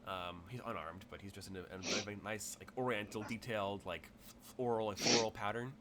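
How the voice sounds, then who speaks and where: A man's voice: lowish voice, steady tone, fairly quick, very noisy. A young man running a tabletop game as game master, rambling along with plenty of fillers and frequent laughs. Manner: rambling, lots of fillers and restarts, laughs often.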